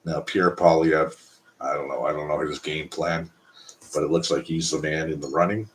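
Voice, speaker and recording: A man's voice: extremely low pitch, steady tone, normal speed, slight background noise. A Canadian man hosting a casual live stream, talking bluntly and profanely in a rambling way.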